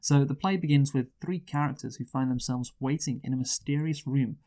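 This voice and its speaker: A man with a voice of ordinary pitch hosts a casual film review. He keeps steering the conversation back to the plot and reads out background notes. He laughs easily between points. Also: brisk, warm tone. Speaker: host of a movie review show. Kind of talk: casual chat with read plot summary.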